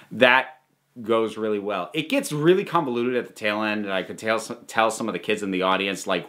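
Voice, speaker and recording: Male reviewer, bright, clear tone; animated and chatty with frequent restarts. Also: on the low side. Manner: animated, many restarts and trailing asides. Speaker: movie reviewer. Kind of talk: casual spoken movie review.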